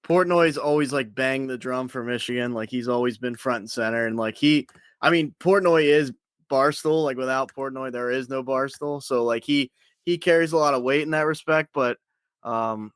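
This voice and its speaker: A man's voice: mid-range voice, normal speed, clear, resonant tone, no room sound. A man talking as a guest on a casual sports podcast, hesitant and laid-back, with many restarts.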